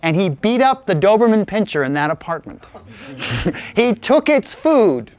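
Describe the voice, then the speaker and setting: A man's voice: sits high, big pitch swings, a little slow, a little mellow. A man telling a playful tall tale from his childhood to a live audience. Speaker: storyteller. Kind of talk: live spoken storytelling.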